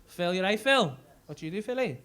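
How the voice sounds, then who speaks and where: A man's voice: sits high, expressive, brisk. A man, a stand-up comedian doing crowd work in a club, brash and sweary as he teases the audience. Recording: loud noisy live club recording.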